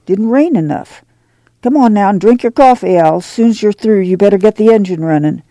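A man voicing a weary, determined middle-aged farm mother who gives brisk orders in a drawl. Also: high voice, expressive, vocal fry, warm tone, no room sound, pitched above the performer's own voice, full character voice. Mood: commanding. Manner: brisk, commanding, folksy.

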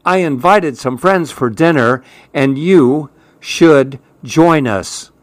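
A man voicing an anxious female duck in a read-aloud storybook, in a bright, exclaiming way. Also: on the high side, slow, no room sound. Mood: excitable. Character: anxious female duck, cheerful then frightened.

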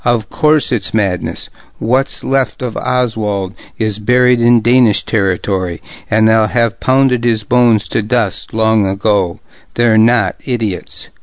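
A wry, easygoing Irish warrior with a dry sense of humor, as a man reading the story puts him on. He jokes at a slow, unhurried pace, and the recording sounds dry and a bit dull. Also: lowish voice, dry recording. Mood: scornful. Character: wry older male Irish warrior, joking.

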